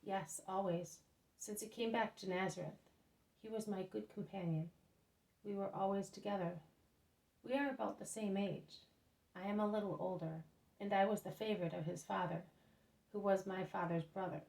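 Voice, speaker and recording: A woman's voice: medium pitch, fairly even intonation, moderate pace, gravelly, darkish tone, lightly acted. Earnest young devoted cousin, as a woman reads him. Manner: earnest, pleading. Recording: roomy echo, mic at a distance.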